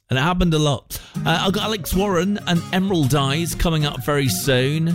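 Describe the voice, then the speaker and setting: A man presenting a breakfast radio show from a studio, chatting and telling a story with animated voices. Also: on the high side, brisk, faint music behind. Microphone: studio microphone.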